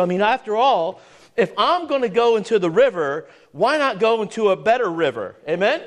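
A man's voice: high voice, expressive, moderate pace. A man preaching a sermon as pastor, pressing the congregation with emphatic rhetorical questions.

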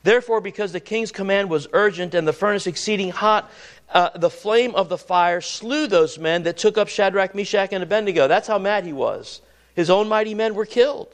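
High-voiced man preaching a sermon. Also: moderate pace. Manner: earnest, repeats and restarts words, rises and drops pitch for emphasis.

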